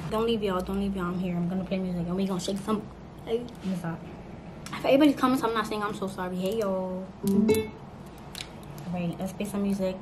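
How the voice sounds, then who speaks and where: A woman's voice: medium pitch, fairly quick, pauses often, loud music behind the voice. An eighteen-year-old woman vlogging at home, chatty and playful, talking straight to her viewers. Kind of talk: casual chat to camera. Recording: noisy home recording.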